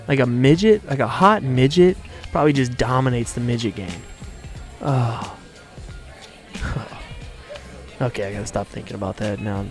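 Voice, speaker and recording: A man talking alone on his podcast, rambling from one crude joke to the next in a loose, off-the-cuff way. His voice sits at an ordinary middle pitch, and faint music plays underneath. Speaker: podcast host. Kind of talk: solo rambling podcast talk. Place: hospital room.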